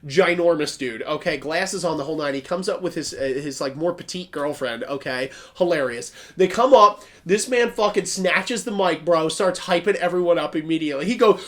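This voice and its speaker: Young male podcast co-host, high-pitched, excitable and profane storyteller, laughs easily. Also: normal speed, few pauses. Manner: excitable storyteller, swears often, laughs a lot. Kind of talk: casual chat.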